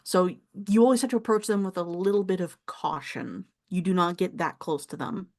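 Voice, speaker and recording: A woman's voice: on the low side, lively intonation, a little fast. A woman running a tabletop role-playing game, narrating the scene in a chatty way and laughing often. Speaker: game master.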